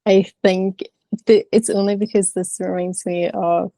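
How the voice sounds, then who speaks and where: Speaking up in an online class, a thirtysomething woman shares openly and casually, leaning heavily on fillers. Her warm, medium-pitched voice stays fairly flat and moves at a measured pace, with no echo.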